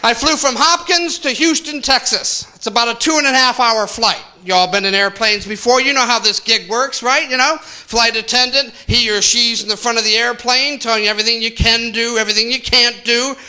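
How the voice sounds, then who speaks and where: High, bright-voiced stand-up comedian. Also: male voice, fairly quick, hardly any pauses, smooth. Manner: exaggerated storytelling, asides to the audience. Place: theater stage.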